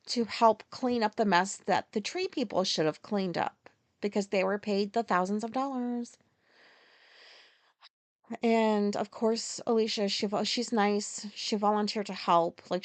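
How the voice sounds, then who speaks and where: A woman in her forties hosts a casual solo podcast, candidly telling stories, ranting and swearing freely. Her voice is mid-range, and the recording is dry.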